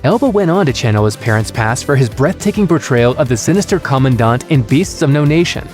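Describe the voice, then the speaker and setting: A man reading a scripted entertainment narration in a smooth, upbeat presenter manner. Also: mid-range voice, animated, fairly quick. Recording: voice-over with faint music bed.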